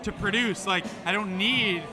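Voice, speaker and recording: High-pitched man, hockey co-host, punchy cussing storyteller, loud music behind. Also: normal speed. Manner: emphatic, profane storytelling. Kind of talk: live post-game chat. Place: bar during live show.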